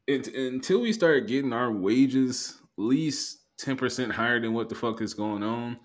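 A man's voice: mid-range voice, moderate pace. A man co-hosting a podcast in loose, profane casual chat, laughing often. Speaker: podcast co-host.

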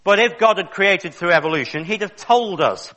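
Man, preacher, fervent sermon delivery, fairly high pitch, long reverb. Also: expressive, moderate pace, sharp tone. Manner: fervent, rising to emphatic questions.

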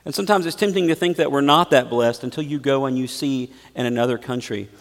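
A man preaching a sermon as pastor, swinging between loud emphatic points and quiet, low asides. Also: quick pace, long reverb tail.

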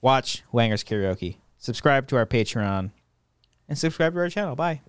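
A man's voice: medium pitch, expressive, moderate pace, clear, resonant tone, no echo, clean studio sound. A man hosting a podcast in casual chat, joking loosely and swearing as he signs off. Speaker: podcast host.

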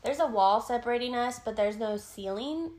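Excitable swearing woman photographer. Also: on the high side, normal speed. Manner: swears often, gets loud and excited. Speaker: podcast co-host, photographer. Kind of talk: casual chat.

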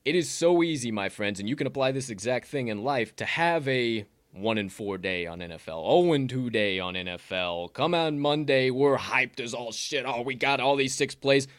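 A man hosting a casual sports betting podcast, talking in energetic, rambling banter and swearing freely. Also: medium pitch, moderate pace, few pauses, dry recording, clean studio sound. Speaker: podcast host.

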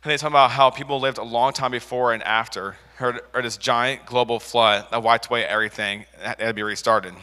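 A man's voice: mid-range voice, steady tone, a little fast, few pauses, pushed and bright, big-room sound. A young man preaching a casual sermon, rambling through a personal story with fillers and restarts. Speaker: youth preacher.

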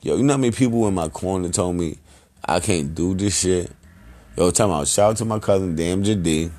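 A man hosting a podcast, giving loose, rambling shout-outs in heavy slang and profanity. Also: sits low, brisk. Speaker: podcast host.

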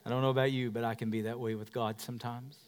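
A male pastor delivering a sermon, swinging from shouting to a hush and calling for responses from the congregation. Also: medium pitch, little pitch movement, fast talker.

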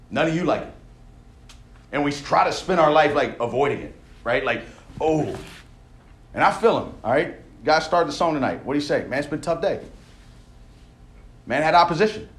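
Echoey man preaching with casual punch. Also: fairly high pitch. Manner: conversational, tags lines with "right?"; building intensity with repeated phrases. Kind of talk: sermon. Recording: echoey room sound.

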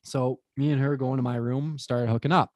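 A man's voice: medium pitch, brisk, no room sound. A man telling a profane story, dry close mic. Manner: animated, profane, acts out quotes. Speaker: podcast guest. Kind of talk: casual storytelling chat.

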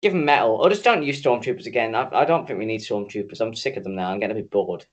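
A man's voice: lowish voice, animated, fast. A man co-hosting a podcast in casual chat, ranting, swearing freely and teasing his co-host.

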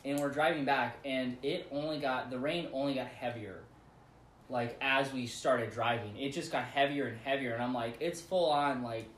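A man's voice: mid-range voice, normal speed, a little hiss or hum. A man casually telling a long, rambling story to friends, laughing often as he goes. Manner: rambling, animated retelling with laughs. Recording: echoey room.

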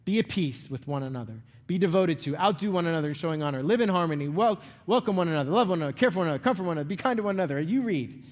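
A man's voice: a little high, expressive, rapid-fire, hardly any pauses. A middle-aged man giving a conversational sermon as a pastor, often checking in with "right?" and "okay?" and restarting phrases. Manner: repeats words and restarts phrases. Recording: long reverb of a large hall.

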